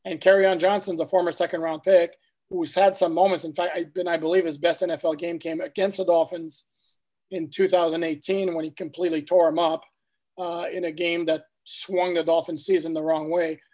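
A man's voice: a little high, little pitch movement, fairly quick, a little mellow. A man guest reporter discussing football in casual talk, making emphatic points.

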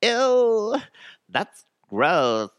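A man voicing a squeamish teenage valley girl in a shrill, drawn-out whine. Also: very animated, fairly bright tone, clean tone, dry recording, dull audio, full character voice. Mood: disgusted.

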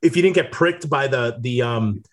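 A man, a former college player, telling animated stories in a casual chat. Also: medium pitch. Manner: animated storyteller, quick to laugh.

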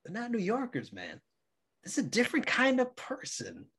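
A New Yorker in a casual chat, laughing often and talking in quick bursts. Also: medium pitch, huge pitch swings, a bit bright, breathy edge. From New York area, USA.

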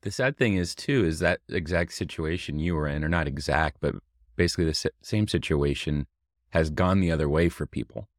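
Male podcast host, very deep voice, measured questions, dry close sound. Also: no room sound. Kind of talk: casual interview.

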